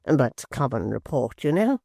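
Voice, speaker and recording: A sly, sneering male secretary, voiced by an audiobook reader, who talks in a silky, unhurried way and lets some words sink almost to a whisper. The delivery is very slow and dry, with a cold edge of mockery. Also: mid-range voice, very animated, gravelly, mellow, no echo, exaggerated voice. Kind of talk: audiobook character voice.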